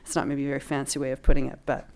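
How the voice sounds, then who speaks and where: A middle-aged woman speaking on a legal ethics panel as a law professor, measured and analytical with touches of dry humor. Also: extremely low pitch, completely flat delivery, gravelly, a little mellow. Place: lecture room at a panel event.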